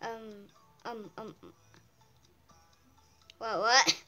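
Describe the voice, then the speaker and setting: A woman with a high, bright voice talks through videos in casual reaction commentary. She speaks slowly and keeps breaking into surprised exclamations. Faint music plays behind her. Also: lively intonation. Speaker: YouTuber.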